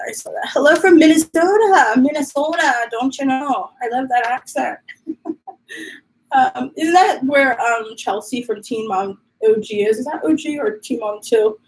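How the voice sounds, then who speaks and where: Woman, live-stream host, high voice, vocal fry, chatty, rambling, stuffy with allergies. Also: very animated, moderate pace, a little mellow, rough recording. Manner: chatty, rambling, reads viewer comments aloud. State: allergies, runny nose. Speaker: livestream host. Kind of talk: casual live-stream chat. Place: her home.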